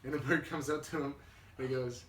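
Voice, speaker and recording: A young man casually telling a children's story for a class, relaxed and chatty, with fillers and restarts. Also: mid-range voice, fast talker. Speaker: student. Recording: echoey room, mic at a distance, faint hiss.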